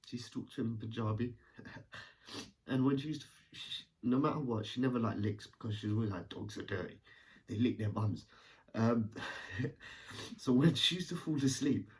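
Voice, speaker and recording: A man tells a personal story at a mid pitch. He talks candidly, rambles and swears casually. He sits a little back from the mic. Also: moderate pace, pauses often, distant mic.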